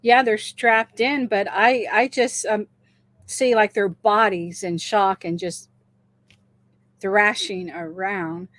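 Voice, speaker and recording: A woman co-hosting a casual livestream chat, unhurried and agreeable, mostly giving short replies. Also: mid-range voice, fairly even intonation, fairly bright tone, dry recording. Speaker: livestream co-host.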